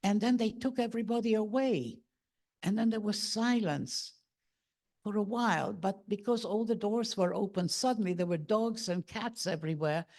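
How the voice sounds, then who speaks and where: A woman's voice: medium pitch, moderate pace, a little mellow. A woman in her eighties from Hungary, speaking, telling her own memories as a guest speaker in a vivid, storytelling way. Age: 80s. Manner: vivid storytelling, acting out family voices. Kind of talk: personal testimony talk.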